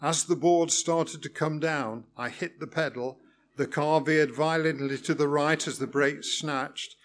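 A man's voice: a little high, fairly even intonation, measured pace. A man reading a first-person story aloud in a wry, good-humoured way. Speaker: narrator.

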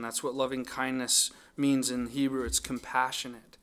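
A man delivers a sermon in an earnest, thoughtful manner. His voice sits at an ordinary middle pitch, and he often restarts his phrases as he reasons his way through the text. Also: little pitch movement, moderate pace, a bit bright. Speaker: pastor. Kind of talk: sermon on a psalm.

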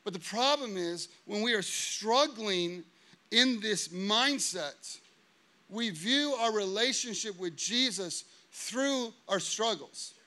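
A pastor in his thirties preaches a sermon in a high, bright voice. He tells stories with animation, acting out what people said, before turning earnest and confessional.

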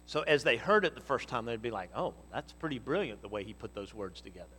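A man's voice: mid-range voice, lively intonation, fast, a little hiss or hum. Man preaching in a reverberant church hall. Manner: emphatic, swings from loud exhortation to quiet teaching. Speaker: pastor. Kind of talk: sermon.

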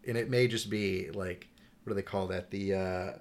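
A young man who is a guest on a casual podcast, excitable and swearing freely as he retells stories. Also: low-pitched, normal speed. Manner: excitable, swears freely, mimics himself in quotes. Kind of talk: casual chat.

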